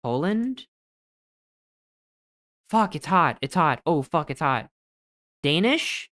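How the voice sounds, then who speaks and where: A streamer giving excitable live gameplay commentary, thinking aloud while guessing and swearing often. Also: mid-range voice, takes it slowly, long pauses, dry recording, clean studio sound.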